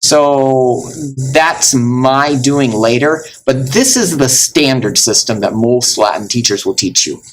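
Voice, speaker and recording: A man teaching Latin in a recorded lesson, explaining step by step with many fillers and slowing down to spell out words. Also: mid-range voice, a little hiss or hum, low-quality recording.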